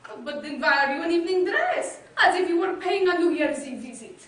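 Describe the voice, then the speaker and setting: An actress plays a fussy, doting mother who gushes with high, swooping endearments on a stage play. The voice rings out from far across an echoey hall over a hum of background noise. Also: lively intonation, brisk. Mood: gushing. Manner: effusive, theatrical, doting endearments. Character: gushing middle-aged mother, fussy landowner.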